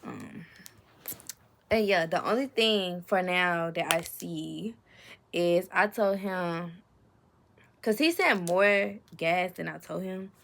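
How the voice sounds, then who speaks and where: A young woman, telling a story in a casual vlog, animated and swearing often as she acts out the quotes. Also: fairly low pitch, slow, gravelly, long pauses. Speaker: storytime vlogger.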